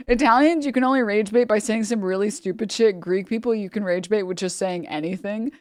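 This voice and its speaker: A woman's voice: medium pitch, a little fast, few pauses, no echo, clean studio sound. A woman from New York, a streamer giving casual reaction commentary, rambling and repeating her points for emphasis.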